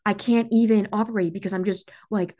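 A woman's voice: medium pitch, fairly even intonation, fairly quick, mellow. A woman hosting a solo motivational talk, intense and emphatic, swearing freely, her voice shaky with emotion. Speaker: podcast host and business coach.

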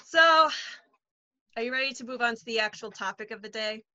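A woman's voice: on the high side, brisk, bright, forceful tone, dry recording, highs cut off. A woman in her twenties co-hosting a podcast in casual chat, upbeat and enthusiastic, recorded at home. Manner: upbeat, enthusiastic, laughs often. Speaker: podcast co-host.

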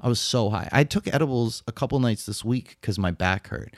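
A man co-hosting a podcast, telling a story in casual chat, animated, swearing and laughing as he goes. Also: mid-range voice, a little fast, dry recording, clean studio sound. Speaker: podcast co-host.

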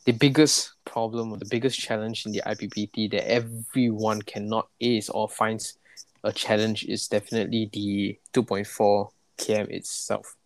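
A man's voice: on the low side, level tone, moderate pace, dry recording. A young man with a Singaporean accent co-hosting a casual podcast chat. He is laid-back and playful, and he talks in loose, restarting sentences. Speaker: podcast co-host.

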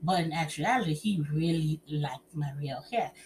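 Chatty, expressive woman with a lowish voice. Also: normal speed, slight background noise. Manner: expressive, chatty, calls listeners honey and child. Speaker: speaker giving relationship advice. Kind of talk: personal storytelling to an audience.

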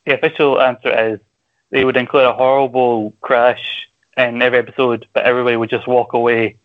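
A man's voice: mid-range voice, level tone, brisk, narrow, tinny audio. A Scottish man hosting a casual podcast quiz, joking crudely and explaining the rules at length. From Scotland. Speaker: quiz host.

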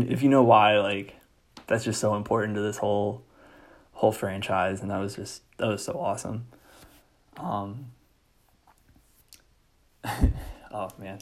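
A man's voice: fairly low pitch, gravelly, darkish tone. A man casually recapping a movie, enthusiastic and rambling, with lots of fillers. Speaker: movie reviewer.

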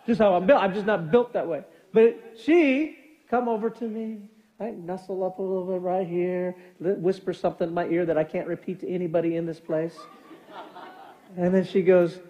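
A middle-aged man preaching a sermon as pastor, telling animated family stories and acting out quoted lines. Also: high voice, moderate pace, highs cut off. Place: church sanctuary. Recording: long church hall reverb.

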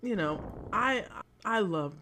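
A woman's voice: medium pitch, lively intonation, slow pace, pushed and bright, slight background noise. A woman co-hosting a casual podcast chat, exasperated and cursing, breaking into hard laughter. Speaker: podcast co-host.

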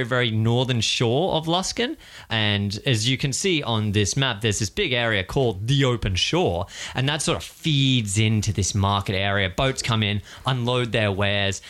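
A man's voice: mid-range voice, moderate pace, fairly bright tone. A man narrating a tabletop game as game master, describing scenes in a chatty, descriptive way.

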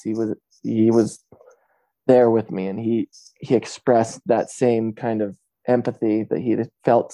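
A man hosting a conversation, reflective and halting, restarting his sentences as he thinks aloud. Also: fairly low pitch, dark tone, dry recording, poor audio.

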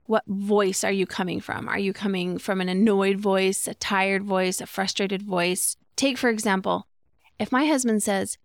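A woman's voice: mid-range voice, fairly even intonation, normal speed, no echo, clean studio sound. A middle-aged woman hosting a solo podcast, explaining ideas conversationally and asking rhetorical questions. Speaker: podcast host.

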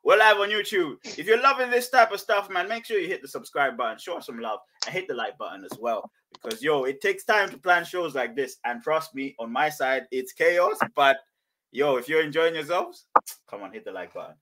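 A man's voice: fairly high pitch, animated, fairly quick, pushed and bright, slight background noise, low-quality recording. A man hosting a live podcast, rowdy and laughing, talking over the others. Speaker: podcast host. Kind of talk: casual live-stream chat.

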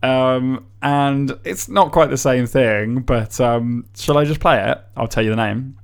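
A man's voice: mid-range voice, measured pace, gravelly, smooth. A man co-hosting a podcast, chatting casually in an effusive, chuckling way. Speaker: podcast co-host. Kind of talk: casual chat.

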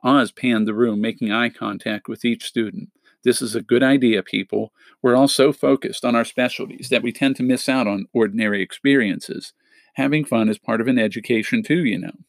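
A man's voice: normal speed, creaky, dry recording. A man reading a middle-grade novel aloud, lifting his voice for each character's lines and dropping it for the tags. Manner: lifts pitch for quoted characters, drops for tags. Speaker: audiobook narrator.

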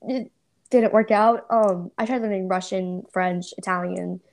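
A woman's voice: mid-range voice, fairly even intonation, unhurried, vocal fry, a little mellow. A young adult woman hosting a podcast, chatting casually and hesitantly with many fillers. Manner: hesitant, many ums and likes. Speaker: podcast host. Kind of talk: casual interview chat.

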